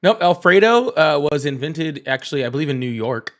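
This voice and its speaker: A man's voice: on the high side, lively intonation, brisk. A man hosting a casual live stream, chatting in a rambling way and greeting viewers between points. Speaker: livestream host.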